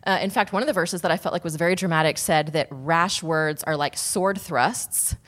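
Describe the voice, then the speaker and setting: Rambling, low-voiced woman telling a story. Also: fairly even intonation, fast talker, a bit bright. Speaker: podcast guest. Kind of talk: casual personal story.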